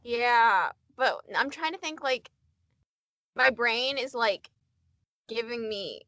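A woman's voice: fairly high pitch, animated, slow pace, bright, forceful tone, no echo. A woman co-hosting a podcast, chatting casually with lots of fillers and quizzing her co-host. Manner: chatty, filler-heavy, runs quiz questions. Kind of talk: casual chat.

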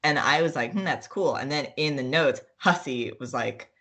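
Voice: medium pitch, normal speed, pushed and bright. Giggly rambling podcast co-host. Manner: giggly, rambling, trails off searching for words. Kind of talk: casual chat.

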